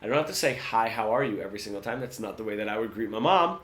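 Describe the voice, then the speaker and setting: A man teaching guitar in a relaxed, conversational lesson, often checking in with "right?". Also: on the low side, rapid-fire. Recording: roomy sound with guitar.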